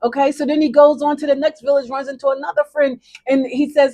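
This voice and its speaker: Casting: high-pitched middle-aged woman coach, emphatic and preachy, talking straight to viewers. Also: fast talker, few pauses, darkish tone. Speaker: life coach. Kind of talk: motivational talk with a faith parable.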